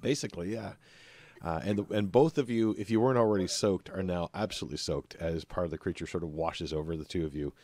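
Male game master with a deep voice and a loose, uh-filled narration style. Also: quick pace. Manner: relaxed, many filler uhs.

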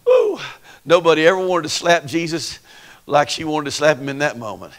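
A man's voice: fairly high pitch, expressive, a little fast, fairly bright tone. A man preaching a Pentecostal sermon in a folksy, dramatic way, acting out the people in the story and calling on the congregation to respond. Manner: folksy, dramatic, acts out voices, call-and-response. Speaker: pastor.

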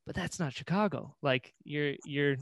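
A man's voice: a little high, normal speed, dry recording. A man hosting a podcast, chatting casually and answering with short backchannels. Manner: conversational, lots of short backchannels. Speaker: podcast host. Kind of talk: casual interview chat.

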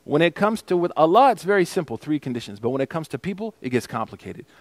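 A man teaching a lesson as imam, his voice sitting a touch high and swinging up and down with animation. He moves back and forth between English explanation and Arabic recitation. The sound is close and dry, with little room echo. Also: very animated, quick pace. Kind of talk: mosque lesson on a hadith text. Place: mosque classroom.

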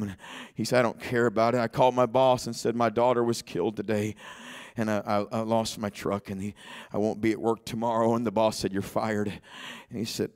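A man preaching a sermon in a church, telling a personal story and swinging between shouted exhortation and quiet, hushed retelling. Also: fairly low pitch, flat delivery, fairly quick. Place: church sanctuary.

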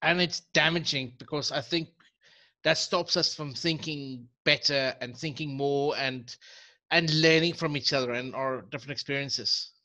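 A man's voice: fairly high pitch, moderate pace, sharp tone. A man hosting an interview show, talking in an enthusiastic and reflective way. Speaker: host of the talk show. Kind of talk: casual interview talk.

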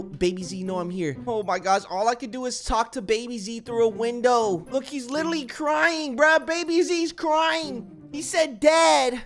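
A woman gaming YouTuber giving excited roleplay commentary, exclaiming and acting out chat lines. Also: on the high side. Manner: animated, exclaiming, reads out and acts chat lines in a dramatic voice.

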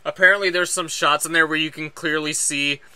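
Man, podcast co-host, casual chat, laughs a lot, tense bright tone, slightly high. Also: fairly even intonation, fairly quick, smooth, no echo. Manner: laughs often, chimes in with short agreements. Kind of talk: casual chat, film review.

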